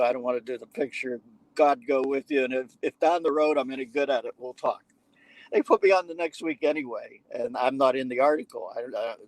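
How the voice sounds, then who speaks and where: A man's voice: mid-range voice, dry recording, rough recording. A man guest on a podcast, telling a long anecdote in casual conversation with profane, wisecracking asides. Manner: animated anecdote-teller who acts out what others said. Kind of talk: conversational storytelling.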